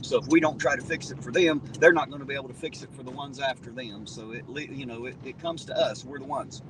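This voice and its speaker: A man chats loosely on a livestream, blunt and full of curses, tripping over his own restarts. His pitch sits in an ordinary middle range. A faint hiss of noise runs underneath. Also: steady tone, fast. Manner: blunt, rambling, profane, with frequent restarts. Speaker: livestream host reading viewer comments. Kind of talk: casual livestream chat.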